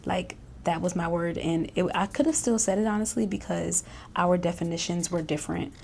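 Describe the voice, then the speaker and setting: Chatty woman with a gravelly low voice. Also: fairly quick, a little mellow, slight background noise. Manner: chatty, self-reflective, many fillers and restarts, laughs often. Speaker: vlogger. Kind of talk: casual reflective chat.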